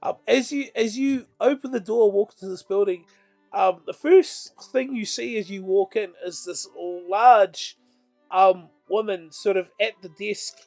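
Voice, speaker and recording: A man's voice: high voice, a little slow, creaky, a little mellow, faint music behind. A man narrating as game master, rambling with many fillers and laughs. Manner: rambling, lots of ums and laughs.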